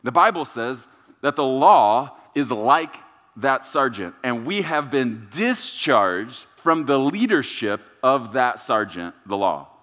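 A male pastor delivering a sermon, emphatic and repetitive, with dramatic pauses. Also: mid-range voice, big pitch swings, fairly bright tone. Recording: reverberant church sanctuary.

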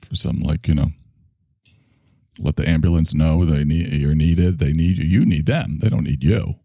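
A man's voice: very deep voice, moderate pace, creaky, dark tone, no echo, clean studio sound. A man, a spiritual teacher, telling a rambling, digressive story in a casual monologue, swearing now and then.

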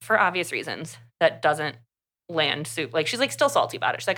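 A young woman co-hosting a podcast, casually retelling a book's plot in an animated way, full of "like". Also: low-pitched, brisk. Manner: chatty, animated retelling with lots of "like". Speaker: podcast co-host. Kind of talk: casual book review chat.

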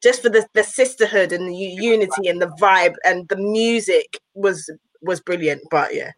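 A woman in her forties co-hosting a casual podcast, animated and enthusiastic, laughing often. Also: mid-range voice, moderate pace, dry recording. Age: 40s. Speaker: podcast co-host. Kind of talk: casual chat.

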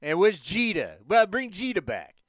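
A man voicing a brash Yankees fan calling in from the Bronx, with an exaggerated New York accent and a loud, griping manner. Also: high-pitched, big pitch swings, normal speed, dry recording, clean studio sound. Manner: loud, pushy, complaining. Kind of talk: comic impression.

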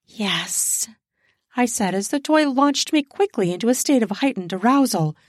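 A woman host narrating an erotic story in the first person with a deliberate, close-miked reading. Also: on the high side, animated, dry recording.

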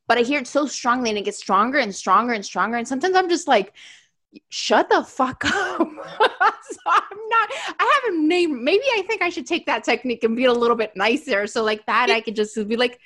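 Podcast host, woman, outspoken and warm-hearted delivery, loose casual chat. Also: fairly high pitch. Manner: candid and effusive, swears freely.

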